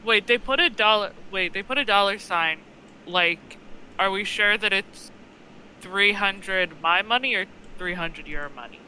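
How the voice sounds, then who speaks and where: Bright, giggly high-voiced man. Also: a little slow, a little hiss or hum, low-quality recording. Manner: giggly, loud swearing, breaks into laughter. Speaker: stream co-host. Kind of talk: casual chat.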